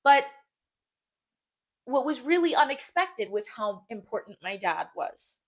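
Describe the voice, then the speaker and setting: A woman's voice: on the high side, big pitch swings, unhurried. A young woman co-hosting a casual podcast, talking in a heartfelt way, repeating phrases and saying "like" often. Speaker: podcast co-host.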